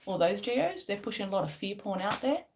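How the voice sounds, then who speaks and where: A woman's voice: medium pitch, very animated, fairly quick, slight background noise. A woman in a casual spiritual vlog, talking emphatically and repetitively and swearing freely. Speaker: spiritual vlogger. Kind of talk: casual spiritual pep talk.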